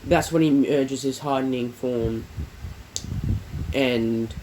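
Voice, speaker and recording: A man's voice: mid-range voice, fairly even intonation, slow, warm tone, slight background noise, low-quality recording. A man casually narrating a fan-made story, rambling with many fillers and self-corrections.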